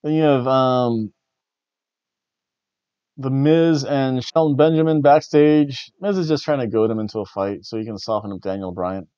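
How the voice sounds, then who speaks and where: A man reviews wrestling in casual chat, wandering off on wry, jokey tangents. His voice sits at a middle pitch. The recording is dry and a little dull, like a home lo-fi setup. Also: moderate pace, mellow, smooth, no echo. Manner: wry, rambling, jokey asides. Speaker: wrestling review podcast host.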